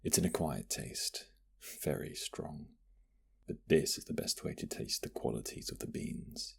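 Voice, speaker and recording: A man playing a husky, gravelly flirty barista in whispered role-play. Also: rumbling low, animated, measured pace, full character voice. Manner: flirty, teasing, soft-spoken. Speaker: ASMR roleplay voice actor.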